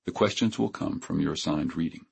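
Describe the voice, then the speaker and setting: A man voicing a short, red-headed woman professor who speaks in a flat monotone. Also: very deep voice, a little fast, vocal fry, husky, exaggerated voice.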